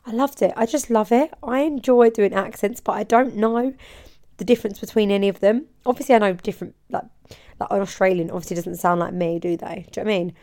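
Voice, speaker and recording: A bubbly woman talks straight to her listeners in a loose, rambling podcast chat. Her voice sits at an everyday middle pitch, and she laughs easily between thoughts. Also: brisk, darkish tone. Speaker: podcast host and hairdresser. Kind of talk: casual solo podcast chat.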